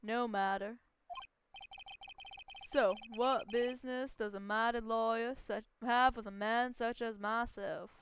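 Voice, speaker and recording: A woman voicing a pompous, wordy male company boss from a video game, speaking slowly and grandly. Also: on the high side, fairly even intonation, a little hiss or hum. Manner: grandiose, slow and emphatic.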